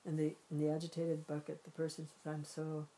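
A woman giving a spiritual teaching talk, gentle and reflective, often pausing to rephrase as she explains. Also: deep voice, monotone, slight background noise, poor audio. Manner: gentle, reflective, repeats and rephrases while searching for words. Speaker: meditation and Vedanta teacher.

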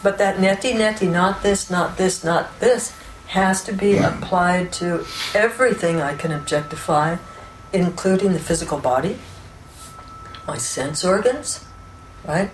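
A woman with a fairly low voice teaches in a calm, explanatory way, often checking in with her listeners. The sound is roomy, with a noticeable echo and a faint hiss in the background. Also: measured pace. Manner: calm, explanatory, with frequent "right?" and "you know". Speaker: spiritual teacher. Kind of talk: unscripted spiritual teaching talk.

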